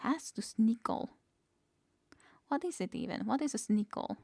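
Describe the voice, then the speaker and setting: A woman's voice: on the high side, lively intonation, unhurried, mellow, dry recording. A woman streaming a game, musing aloud, reading the game text and chuckling often in casual commentary. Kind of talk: casual let's-play commentary.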